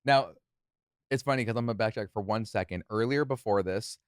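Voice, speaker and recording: A man co-hosting a podcast, telling a story in relaxed casual chat and chuckling often. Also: fairly low pitch, fairly quick, smooth, dry recording, clean studio sound. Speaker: co-host.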